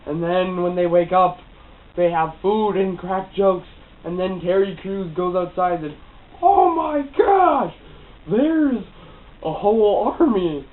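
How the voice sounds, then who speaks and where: A casual movie reviewer with a cold, rambling with lots of fillers and restarts. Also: medium pitch. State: has a cold. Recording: tinny phone-like audio with faint hiss.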